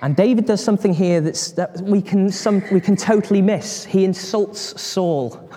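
A man gives a sermon, retelling scripture with lively, acted-out voices and questions to the congregation. His voice sits slightly high for a man. The sound carries a long reverb, as in a large hall. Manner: animated storytelling, acts out voices, asks the congregation questions. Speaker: preacher.

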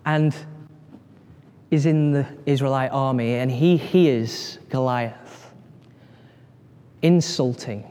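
A man preaching a sermon, telling a Bible story in a lively way, acting out voices and putting questions to his listeners. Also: mid-range voice, slow, long pauses, smooth, big-room sound. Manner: animated storytelling, acts out voices, asks the congregation questions.

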